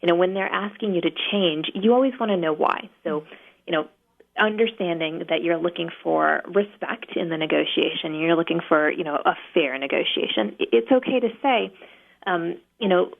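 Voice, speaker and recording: Guest expert: woman, low gravelly voice, steady practical explainer over a tinny phone line. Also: moderate pace. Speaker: negotiation trainer, guest. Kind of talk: explanatory interview talk.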